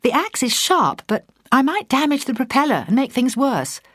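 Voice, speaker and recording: A woman doing a brisk young boat skipper. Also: high-pitched, big pitch swings, no echo, studio quality, voice pushed up. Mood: urgent. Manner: brisk and decisive.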